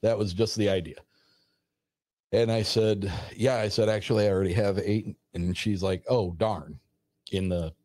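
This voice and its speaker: A man with a very low voice tells a personal story in a loose, rambling way, slipping into the voices of the people he quotes. The recording is dry and close to the mic, with no room sound. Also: dry recording. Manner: rambling, animated retelling with quoted dialogue. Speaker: storyteller guest. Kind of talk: casual spoken story.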